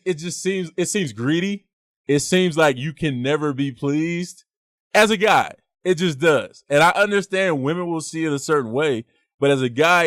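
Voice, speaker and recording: A man's voice: fairly high pitch, a bit bright, no echo, studio quality. A young man hosting a casual podcast, arguing his point with slang and emphatic rhetorical questions. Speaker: podcast host.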